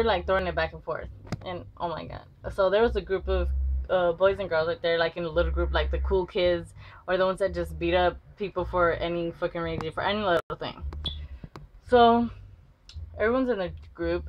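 A woman vlogger telling a school story casually, rambling with many fillers and free swearing. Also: fairly low pitch. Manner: rambling, lots of "like", swears freely. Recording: slightly dull with faint noise.

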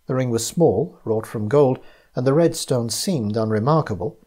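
A man reading his own detective story in first person, in a measured, even narration. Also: medium pitch. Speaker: narrator and author.

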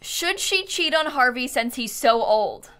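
A young woman livestreaming a game with a high, bright voice that jumps all over the place. She chats with her viewers, giggles a lot and keeps thanking them, speaking through a headset. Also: lively intonation, measured pace, clear, resonant tone. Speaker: streamer. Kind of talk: live game stream chat. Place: home streaming setup.

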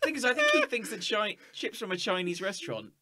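A man's voice: high voice, wildly swooping pitch, brisk, crowd noise. An English man co-hosting a casual podcast chat, teasing and chiming in with jokes. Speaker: podcast co-host.

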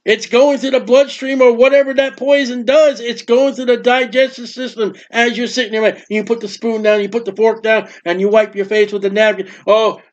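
A man with a high voice preaches a sermon, spinning homely stories and acting out what people say in them. The sound is dull and lo-fi, like an old church tape. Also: flat delivery, normal speed, few pauses. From United States. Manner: folksy storytelling with acted quotes. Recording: dull lo-fi recording.

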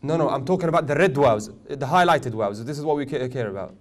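A man teaching a tajweed class, questioning his students often and joking gently. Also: medium pitch, fast talker. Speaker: Quran recitation teacher.

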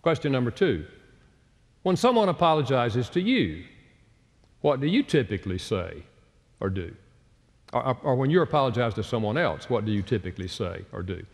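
A man's voice: medium pitch, big pitch swings, normal speed, vocal fry, pauses often. A man giving a chapel talk, telling stories and acting out quoted voices. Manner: storytelling, acts out quoted voices. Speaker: speaker. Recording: roomy hall reverb.

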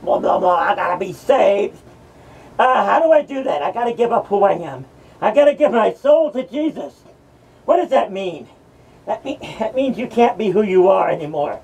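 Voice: medium pitch, big pitch swings, normal speed, vocal fry, a little mellow, husky, distant mic, full character voice, rough recording. A performer voicing a mocking male madman from hell who hosts a horror rant, taunting and cursing at the listeners. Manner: ranting, taunting, cackling, profane.

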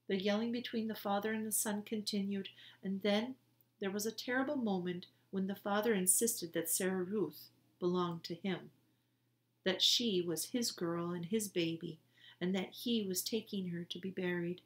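A woman reading a children's chapter book aloud in a gentle, unhurried storytelling manner. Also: medium pitch, fairly even intonation. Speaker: storybook reader. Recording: roomy echo.

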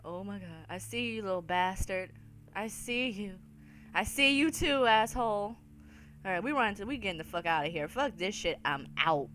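A woman's voice: mid-range voice, animated, moderate pace, slight background noise. A woman hosting a horror game let's-play, swearing and crying out in fright while talking to her viewers. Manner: jumpy, swearing, loud frightened outbursts; talks to viewers as y'all. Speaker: gaming video host.

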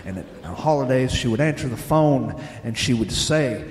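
A man, telling plainspoken, gently humorous stories live on a theater stage. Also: mid-range voice, animated, normal speed, a little hiss or hum. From Southern United States. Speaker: storyteller and radio host. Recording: echoey live theater with long reverb.

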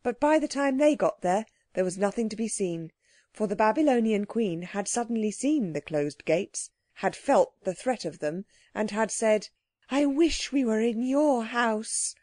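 A woman narrating a children's audiobook with clear, expressive storytelling. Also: medium pitch, normal speed, dry recording, studio quality.

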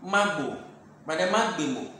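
A speaker from Ghana, a Dangme-speaking language teacher giving an online lesson, repeating each phrase slowly and explaining patiently. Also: mid-range voice, lively intonation, fairly bright tone. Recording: very echoey room, faint hiss.

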